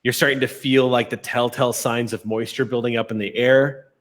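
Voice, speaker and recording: A man running a tabletop game as game master, narrating scenes and explaining rules in a relaxed, descriptive way. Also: mid-range voice, fairly quick.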